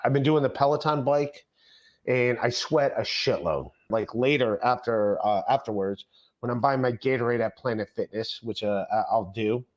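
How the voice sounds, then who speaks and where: A man's voice: mid-range voice, normal speed, highs cut off. Guy rambling thru a story, swears a ton, medium voice, keeps restarting. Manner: profane, rambling, lots of restarts and fillers.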